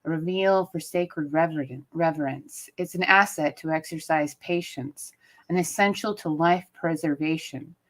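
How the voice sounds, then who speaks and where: A woman's voice: low voice, normal speed, poor audio. A woman in her thirties hosting an online open mic from home over a video call, reading poems aloud and chatting between them. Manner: chatty, laughs often. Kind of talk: casual hosting and poetry reading.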